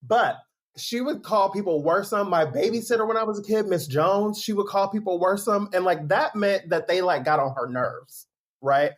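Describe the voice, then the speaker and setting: A man's voice: high voice, moderate pace. A man who is a guest author on a podcast, talking things through casually with lots of "like" and "right?". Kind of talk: casual chat.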